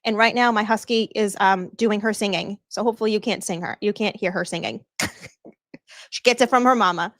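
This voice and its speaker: A woman's voice: medium pitch, fairly quick, fairly bright tone, dry recording, clean studio sound. A woman with a Boston accent hosting a casual livestream, bubbly and effusive as she thanks viewers and laughs often. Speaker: livestream host. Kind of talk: casual live-stream chat thanking viewers.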